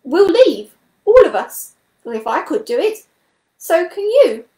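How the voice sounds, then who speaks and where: Woman voicing a storybook toad, high-pitched, quavering, excitable, echoey room. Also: moderate pace, close to an everyday voice. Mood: excited. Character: fretful excitable old male toad.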